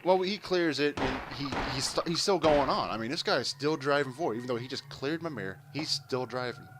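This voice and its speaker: Over background noise, a gameplay commentator with a mid-range voice speaks briskly as he plays. He spins a long, meandering, profanity-filled story in a casual, animated way.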